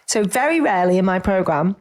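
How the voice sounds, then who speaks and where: Brisk woman coach, talks fast, plays out client voices in chat. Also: mid-range voice, a little hiss or hum. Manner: animated, acts out quoted clients. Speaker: business coach, podcast host. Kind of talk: conversational podcast chat.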